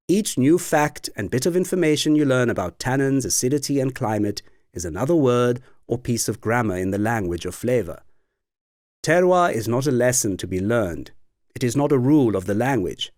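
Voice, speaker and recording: A man narrating an online wine lesson in a clear, explanatory way. His voice moves animatedly up and down, recorded dry and close. Soft music plays faintly in the background. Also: mid-range voice, dry recording. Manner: clear, explanatory, expressive delivery. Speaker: wine course instructor. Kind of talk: scripted educational narration.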